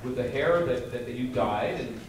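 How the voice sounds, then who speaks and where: A man's voice: medium pitch, moderate pace, background noise. A man answering fan questions on a convention panel, playful and self-mocking. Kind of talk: joking convention Q&A. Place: large convention hall. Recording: echoey hall from far off, loud crowd.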